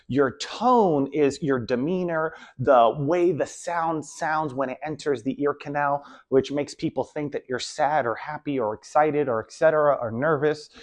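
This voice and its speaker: A young man casually talking to camera with rambling advice, often trailing off with "so on and so forth". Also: a little high. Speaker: video host.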